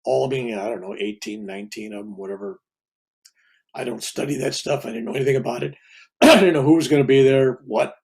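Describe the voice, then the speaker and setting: Speaking fairly quickly in a medium-pitched voice that's gravelly, darkish, and breathy at the edges, an older reverend shares a spiritual story. His storytelling is casual and meandering, full of asides and restarts.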